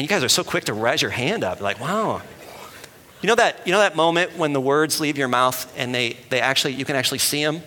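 A man giving a sermon as a pastor, talking in a conversational and animated way and asking the room questions. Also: mid-range voice. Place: church hall with an audience. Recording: long hall reverb.

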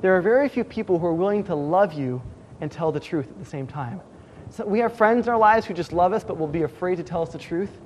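High-voiced man preaching a sermon. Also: fast, muffled recording, slight background noise. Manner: conversational preaching, acts out quoted voices. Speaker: pastor.

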